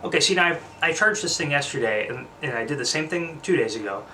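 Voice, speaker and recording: A young man talks to his vlog viewers in a loose, rambling way, short of breath, with a bright, forceful tone. He sits a little back from the mic, and a faint room ambience hangs behind him. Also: fairly high pitch, animated, quick pace, distant mic, a little hiss or hum. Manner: rambling, frequent fillers and restarts, occasional swearing. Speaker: vlogger. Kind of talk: casual vlog chat.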